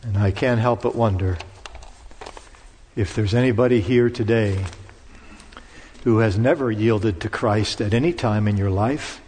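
In a church sanctuary with long hall reverb, a pastor preaches in a fairly low, slightly mellow voice with a breathy edge. He keeps a measured pace with long pauses, and his dramatic recitation builds to commanding peaks.

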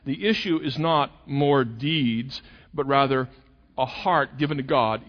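A man's voice: mid-range voice, measured pace. A male pastor preaching a sermon, acting out quoted voices with sarcasm. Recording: dull sound with long hall reverb.

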